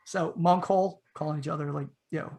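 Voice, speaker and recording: A middle-aged man telling a story in a casual podcast chat, his voice jumping up and getting loud whenever he quotes himself. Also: a little high, fast talker, gravelly. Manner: animated storyteller, voice rises sharply when quoting himself. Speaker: podcast co-host.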